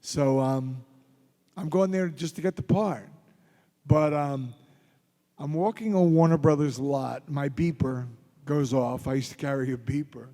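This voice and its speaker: A man's voice: a little high, unhurried, dark tone. A man from Philadelphia telling rambling, joking anecdotes as a guest at a convention panel Q&A. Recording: reverberant convention hall.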